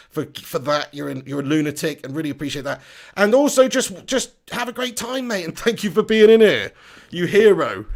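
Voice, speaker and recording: A man hosts a live football watch-along, talking straight to his chat. He is loose and excitable, swearing casually and laughing often. His voice sits slightly higher than most men's. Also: gravelly.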